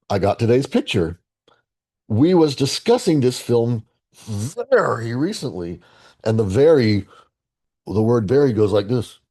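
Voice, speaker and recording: Goofy older guy in his 60s rambling to himself, mellow voice that swoops around a lot. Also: fairly low pitch, creaky, slightly rough. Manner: playful, rambling, talks to himself. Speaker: game-playing video host. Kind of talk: casual solo commentary.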